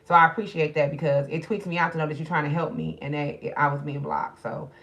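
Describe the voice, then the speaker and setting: A woman's voice: sits low, animated, quick pace, a bit bright. A middle-aged woman talks loosely and directly to her viewers in a casual livestream chat. She is grieving and subdued. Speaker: spiritual reader streaming live.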